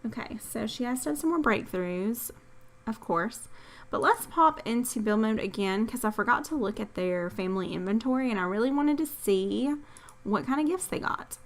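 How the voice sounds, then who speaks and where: A woman's voice: a little high, lively intonation, moderate pace. A tired woman hosting casual gameplay commentary, rambling and apologetic, poking fun at herself. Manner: rambling, apologetic, self-deprecating. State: tired, yawning. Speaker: gaming channel host.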